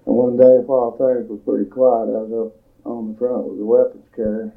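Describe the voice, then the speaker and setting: An older man, a veteran, recalling his wartime service in a plain-spoken, measured storytelling manner for an oral history recording. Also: mid-range voice, flat delivery, vocal fry. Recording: tinny lo-fi tape recording.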